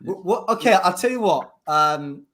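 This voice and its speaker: A man's voice: high voice, lively intonation, normal speed, a crowd in the background. A man with an Italian accent who cold-calls on a live comedy show, bantering casually, laughing often and stammering over repeated words. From Italy.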